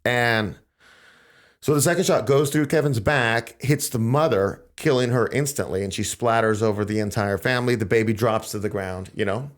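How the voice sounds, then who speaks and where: A man hosting a podcast, telling events in a casual, animated way and acting out quotes in a raised voice. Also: medium pitch, normal speed. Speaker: podcast host. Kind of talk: casual conversational storytelling.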